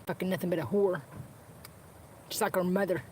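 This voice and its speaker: In this unscripted livestream, a woman in her car rants to her viewers, cursing angrily at the people she's describing and circling back to the same phrases. Her lowish voice is brisk and a little mellow, with fairly even intonation. Dogs can be heard nearby over faint background noise.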